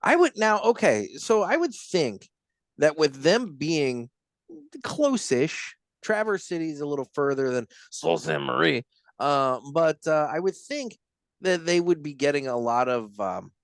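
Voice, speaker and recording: A man hosts a podcast in a casual, lively voice that swings widely in pitch. The sound is close and dry, with no room echo. He reacts quickly and curses when he is surprised. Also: creaky. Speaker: podcast host. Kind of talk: casual chat.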